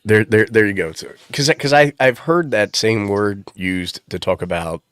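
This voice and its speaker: A man's voice: lowish voice, normal speed, fairly bright tone, smooth, dry recording. A man with a cold co-hosting a casual live-stream chat, rambling with frequent restarts. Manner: rambling, hesitant, many restarts. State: has a cold. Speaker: co-host.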